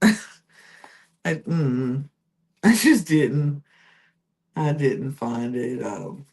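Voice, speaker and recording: A woman's voice: rumbling low, a little mellow. A woman hosting a casual reality TV recap podcast, chatty and full of fillers and self-corrections. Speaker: podcast host.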